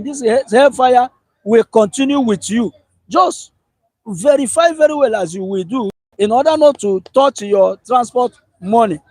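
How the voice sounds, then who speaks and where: A Nigerian man in a street interview, complaining in an animated, ranting way and laughing as he talks. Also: extremely high pitch, no echo, poor audio.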